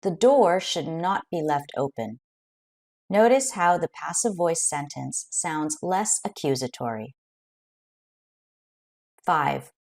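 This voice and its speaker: A woman teaching an English grammar lesson, explaining clearly and carefully with example sentences. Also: sits low, expressive, slow, pauses often, a little mellow.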